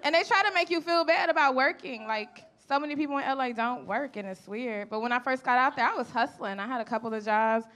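Brash high-voiced woman doing stand-up. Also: fast, hardly any pauses, a bit bright. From Chicago. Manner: brash, profane, conversational storytelling. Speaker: stand-up comedian. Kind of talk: stand-up comedy set. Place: comedy club stage. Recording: live comedy club with audience laughter. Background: audience laughter and room murmur.

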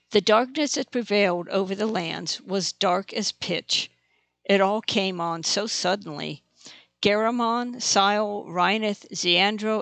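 Audiobook narrator, steady plain reading, gravelly texture, dry close sound. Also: mid-range voice, no echo. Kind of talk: scripted narration.

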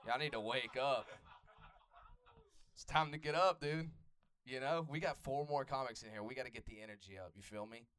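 A young man from Atlanta, USA, works the room at a comedy club with loose, profane stand-up, riffing off the audience. He has a Southern Atlanta accent and a smooth, fairly bright, medium-pitched voice at normal speed.

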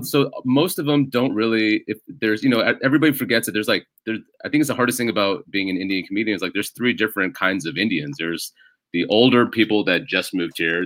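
A man's voice: on the low side, a bit bright, no room sound. A man raised in the United States, a comedian, telling rambling stories in a casual podcast chat, often stopping and restarting. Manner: rambling, self-interrupting storyteller. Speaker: stand-up comedian guest.

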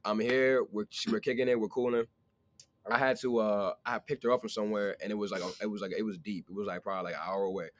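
Fast-talking young man with a low voice. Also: no echo. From not from where the show is recorded. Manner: slangy, swears freely, animated storyteller. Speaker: podcast co-host, guest. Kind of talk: casual podcast banter.

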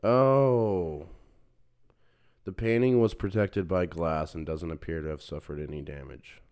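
A man's voice: sits low, unhurried, darkish tone, clear, resonant tone. A man co-hosting a podcast in casual chat, reacting with blunt, swearing exclamations. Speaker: podcast co-host.

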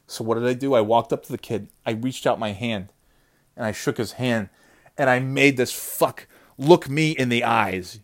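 Male storyteller with a mid-range voice, animated and profane, mocking tone. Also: mid-range voice, normal speed. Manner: animated, swears a lot, mocking.

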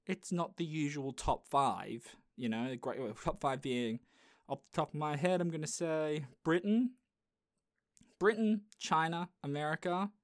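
A man's voice: fairly high pitch, a little slow, no echo, clean studio sound. A man hosting a podcast in casual chat, rambling with lots of fillers. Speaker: podcast host.

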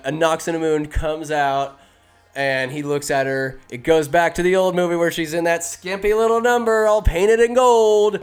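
A man casually recapping a movie scene by scene, talking fast and animated, with quick impressions of the characters. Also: a little high, clear, resonant tone.

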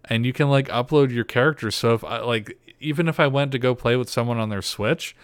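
A man's voice: mid-range voice, a little fast, clear, resonant tone, no room sound. A man co-hosting a podcast in casual chat, rambling and teasing his co-host.

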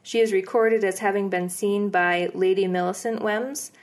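A woman co-hosts a podcast, casually recounting ghost stories in a relaxed, rambling way full of fillers and easy laughs. Her voice is medium-pitched and moderately paced.

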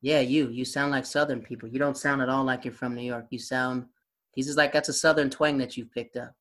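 A man's voice: mid-range voice, fairly even intonation, brisk, a bit bright. A man hosting a podcast, chatting casually and asking teasing questions. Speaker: podcast host. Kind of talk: casual interview chat.

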